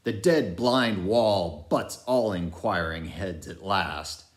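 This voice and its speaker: A superstitious, gloomy old sailor in an audiobook, muttering his thoughts with a wary, slow drawl, as a man puts him on. His pitch moves about a lot. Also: expressive.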